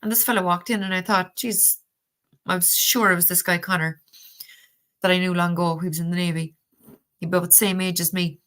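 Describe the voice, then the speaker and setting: Chatty Irish woman, lowish voice. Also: little pitch movement, fast talker, fairly bright tone. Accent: Irish, Cork. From Ireland. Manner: chatty storyteller, frequent fillers and restarts. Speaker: livestream host reading tarot. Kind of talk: casual livestream chat.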